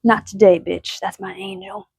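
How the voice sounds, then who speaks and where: A woman voicing a sassy, protective female spirit guide in a hushed whispered role-play. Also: medium pitch, fairly even intonation, normal speed, gravelly, breathy edge, dry recording.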